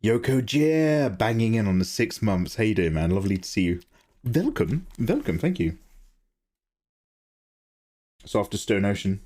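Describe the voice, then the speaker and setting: A man's voice: moderate pace, pauses often. A man hosting a live drawing stream, chatting casually and reacting to viewer messages, laughing often. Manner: chatty, animated, laughs often, jumps to high pitch when excited. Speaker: art livestream host. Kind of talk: casual chat while drawing, reading chat.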